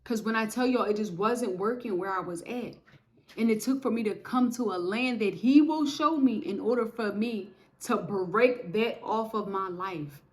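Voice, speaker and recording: A young woman telling her faith testimony in a lively, preachy way, talking straight to her viewers. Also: medium pitch, moderate pace. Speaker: testimony speaker. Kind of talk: casual spoken testimony.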